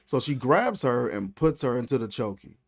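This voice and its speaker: A man giving a casual movie review, animated and incredulous, talking in loose slang. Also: medium pitch, moderate pace. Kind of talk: casual film commentary.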